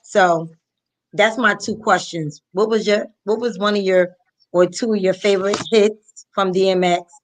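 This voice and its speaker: A woman from New Jersey hosting a live online talk, speaking casually and warmly with many pauses and ums over a video call. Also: mid-range voice, steady tone. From Paterson, New Jersey, US. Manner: soft-spoken, many ums, heartfelt. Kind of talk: casual live-stream chat.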